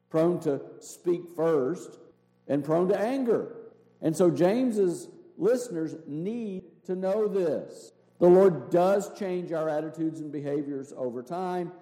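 A man's voice: medium pitch, warm tone. A man, a pastor preaching a sermon, explaining things step by step and asking rhetorical questions. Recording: echoey hall with long reverb.

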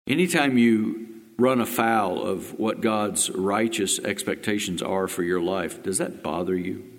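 A male pastor preaching a sermon, firing rhetorical questions and swinging between loud emphatic lines and hushed ones. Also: lowish voice. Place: church sanctuary. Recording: long hall reverb.

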